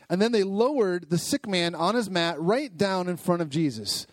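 A man teaching a youth Bible lesson, energetic and asking the group lots of questions. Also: high voice, fairly quick, hardly any pauses, no room sound. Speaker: youth pastor.

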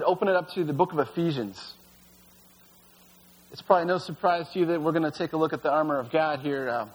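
A man preaching as a youth pastor, telling stories in a casual, filler-laden way. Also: a little high. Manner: casual storytelling with frequent fillers. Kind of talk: sermon. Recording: long reverb of a hall.

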